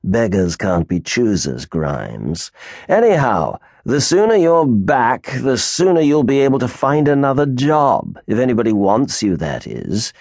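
A man's voice: mid-range voice, big pitch swings, unhurried, creaky, darkish tone, no room sound, exaggerated voice. A man voicing a supercilious, sneering male naval officer in an audiobook. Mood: mocking. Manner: sneering, condescending.

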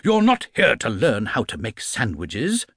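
High, drawn-out, sarcastic schoolmaster, as a man puts him on, bellows at the class. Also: wildly swooping pitch, fairly bright tone, breathy edge, dry recording, studio quality, exaggerated voice. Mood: stern. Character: stern sarcastic middle-aged male schoolteacher.

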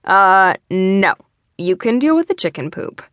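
A woman's voice: mid-range voice, very animated, a little slow, a bit bright, no echo. A woman voicing a cheeky young boy who teases his friend. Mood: teasing. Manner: teasing, playful.

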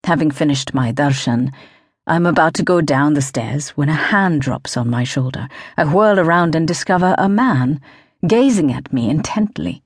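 A young woman with a low voice narrates a novel in the first person. Her delivery is composed and descriptive, and it sits dry and close to the studio mic. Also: animated, moderate pace, slightly rough, no echo. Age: young adult. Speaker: audiobook narrator.

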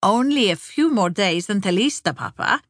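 A woman's voice: animated, moderate pace, no echo, studio quality. A woman voicing an anxious, bustling sixty-five-year-old daughter-in-law with a raised, fretful voice. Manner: fretful, higher-pitched.

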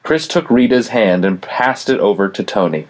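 A man giving steady scripted audiobook narration, reading a novel and voicing its dialogue quietly. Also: on the low side, normal speed.

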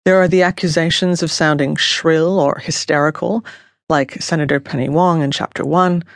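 A woman's voice: sits low, steady tone, moderate pace, no room sound. Woman reading a nonfiction audiobook, dry studio. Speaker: author narrating her own book.

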